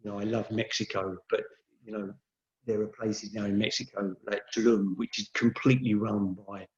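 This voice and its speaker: A man's voice: fairly low pitch, little pitch movement, normal speed, a little mellow. A man talking candidly and reflectively as a guest in a casual conversation. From Great Britain. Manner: candid, reflective, speaks of sobriety. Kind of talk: casual chat. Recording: dull lo-fi sound.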